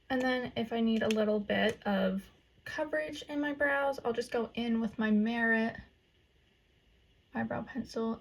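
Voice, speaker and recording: A young woman with a faint Southern US twang talks through her makeup routine in a loose, chatty way. Her voice sits a little high, with a husky, gravelly edge and a lot of vocal fry. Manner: chatty, valley-girl fillers, frequent "like" and "um". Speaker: makeup vlogger. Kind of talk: casual makeup tutorial chat.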